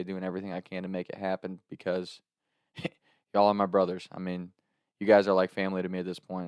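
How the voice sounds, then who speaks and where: A man telling a comic story on his vlog, animated and profane, laughing between lines, and turning earnest when he thanks his viewers. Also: low-pitched, clean tone, no echo, studio quality. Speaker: storyteller and content creator.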